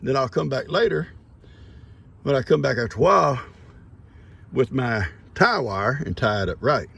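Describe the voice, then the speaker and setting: Older male farmer-host, gravelly, animated delivery, easygoing vlog narration outdoors. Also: mid-range voice, moderate pace. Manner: folksy and chatty, chuckles often. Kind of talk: casual vlog narration while working. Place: outdoors by a creek on a farm.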